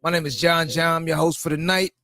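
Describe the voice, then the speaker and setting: Laughing New York podcast host. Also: male voice, on the high side, a little fast, no echo. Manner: laughs often, animated storytelling with put-on voices. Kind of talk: casual chat.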